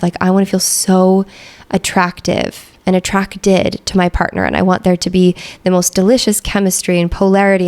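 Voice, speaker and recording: Chatty woman with a gravelly edge. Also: mid-range voice, a little mellow. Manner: chatty, many "like" and "right?" fillers. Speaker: podcast host and coach. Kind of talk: casual guided reflection.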